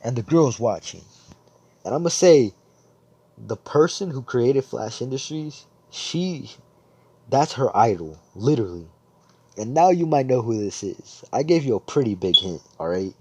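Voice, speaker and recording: A man's voice: mid-range voice, sing-song, a little slow, husky, dry recording. A man improvising a fan fiction story aloud, rambling, swearing and correcting himself as he goes.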